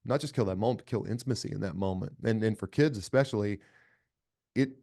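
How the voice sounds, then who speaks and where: A middle-aged man with a lowish voice talks as a podcast guest. He speaks earnestly and with emphasis, circling back and restarting his phrases as he thinks aloud. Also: fast talker, gravelly, dark tone. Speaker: podcast guest, company cofounder. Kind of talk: casual conversational interview.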